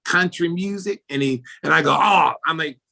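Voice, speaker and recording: A man's voice: a little fast, gravelly. A middle-aged American man, a former basketball player turned announcer, telling stories in a casual interview and acting out the people in them. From United States. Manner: animated storyteller, acts out quoted people with jumps in pitch and loudness.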